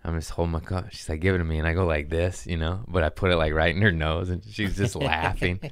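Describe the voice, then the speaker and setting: A young man with a low, deep voice tells a rambling, profane comedy story, laughing at himself and acting out other people's lines. The sound is close and dry, with no room around it. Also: fast, smooth, no room sound. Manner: profane, self-mocking, animated with quoted voices. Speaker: podcast host.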